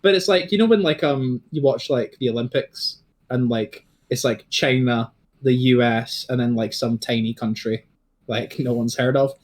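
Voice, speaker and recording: A man's voice: medium pitch, normal speed. Game master for a tabletop game, male, rambling, loose and chatty delivery. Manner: rambling, full of fillers and restarts.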